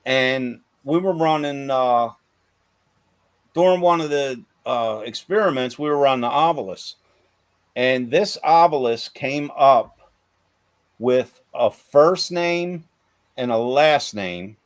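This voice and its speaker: A man's voice: medium pitch, lively intonation, takes it slowly, clean tone, no room sound. A man hosting a podcast in casual chat, affirming often and rambling with fillers. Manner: chatty, frequent fillers and affirmations.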